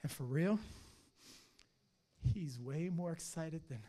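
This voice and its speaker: A man preaching a fiery sermon as pastor, swinging from hushed lines to shouted ones. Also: fairly high pitch, slow.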